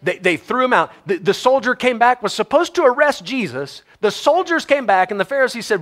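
A man preaching a sermon in a Texan American accent, moving from quiet, low passages to loud, animated ones. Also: brisk, few pauses. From Texas. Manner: animated, swings from quiet to loud and laughs often.

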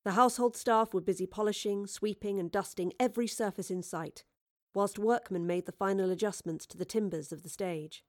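A woman reading a novel aloud in measured, even scripted narration, close to the microphone. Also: medium pitch, no echo. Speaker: audiobook reader.

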